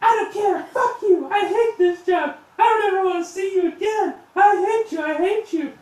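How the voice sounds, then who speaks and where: A hot-headed young woman screaming curses through tears, her voice pushed far up into a shrill shout, as a man puts her on. The sound rings in a very echoey room with a faint hum underneath. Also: moderate pace. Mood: screaming rage. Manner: screaming, cursing. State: crying.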